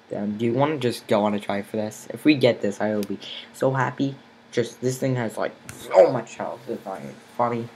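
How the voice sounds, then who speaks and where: A teenage boy narrates his own gameplay in a loose, rambling way at an ordinary pitch, filling gaps with "like" and half-finished thoughts. He talks into a desktop mic with a faint hum in the background, and his voice rises with excitement during fights. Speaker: gaming channel host. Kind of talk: casual let's-play commentary.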